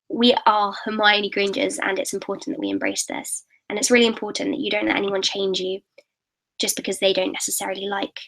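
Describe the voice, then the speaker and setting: A woman's voice: mid-range voice, fairly bright tone, rough recording. A teenage girl from England, chatting eagerly to viewers in a live question-and-answer stream, often restarting her sentences. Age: late teens. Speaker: YouTuber hosting a live Q&A. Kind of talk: casual live-stream chat.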